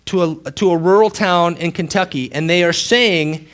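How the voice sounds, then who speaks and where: A male pastor preaching a sermon with dramatic storytelling, dropping to a hush and then rising loud for emphasis. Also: sits high, moderate pace, hardly any pauses. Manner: dramatic storytelling, swings between hushed and loud.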